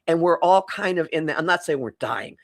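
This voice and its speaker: A woman's voice: sits low, lively intonation, brisk, gravelly. A middle-aged woman astrologer, a podcast guest, talking reflectively and rephrasing mid-thought. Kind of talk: casual conversational podcast.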